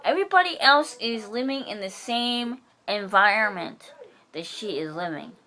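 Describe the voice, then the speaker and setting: A woman with a bright, forceful voice rants in a casual vlog. She talks bluntly and heatedly, swears freely, and acts out the sharp things she said back. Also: medium pitch, animated, moderate pace. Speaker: vlogger.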